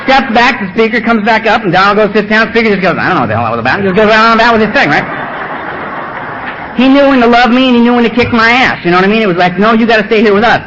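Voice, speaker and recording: A middle-aged man telling his recovery story to a meeting, animated and acting out the voices of others. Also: sits high, highs cut off, slight background noise. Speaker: AA speaker. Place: meeting room with audience.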